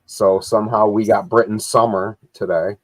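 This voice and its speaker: A man's voice: lowish voice, steady tone, normal speed, no room sound, rough recording. A man co-hosting a casual live-stream chat, telling everyday stories in an easygoing way. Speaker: co-host.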